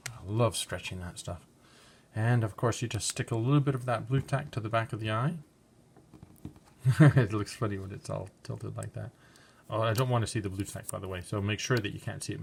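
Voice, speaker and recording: A man's voice: lowish voice, gravelly, background noise. A man teaching an online art class in a chatty, encouraging, playful way. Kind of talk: online craft lesson.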